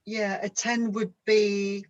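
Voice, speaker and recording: A woman speaks at an unhurried pace on a coaching call, stopping often to find her words. Her pitch sits in a middle range, and her delivery is slow and reflective. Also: level tone, highs cut off. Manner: slow, thoughtful, pauses often while searching for words. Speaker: coaching client. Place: home.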